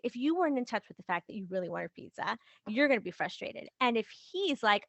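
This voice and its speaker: Woman, relationship coach, casual advice talk, fairly high voice, dry close sound. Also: fairly quick, vocal fry, few pauses, dry recording. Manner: lively, acts out quoted examples in little voices. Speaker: podcast host and relationship coach for wives.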